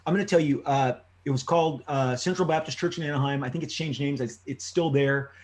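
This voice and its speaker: A man in his fifties from Southern California, energetically telling personal stories as an interview guest, with frequent restarts and loud exclamations. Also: fairly high pitch, fairly quick. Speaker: interview guest, comic creator. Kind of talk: animated storytelling in a long interview.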